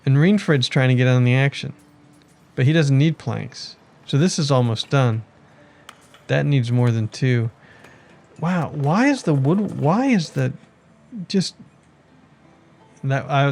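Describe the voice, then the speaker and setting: A man's voice: medium pitch, darkish tone. A man giving casual commentary on his city-building game, thinking aloud and chatting to his villagers as he plays. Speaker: let's play gamer.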